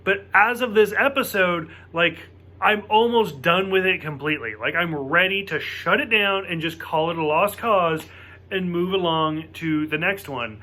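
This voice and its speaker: A man with a high, bright and forceful voice reviews a TV episode straight to camera. He talks casually and gets emphatic and worked up, swearing freely as he goes. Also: normal speed.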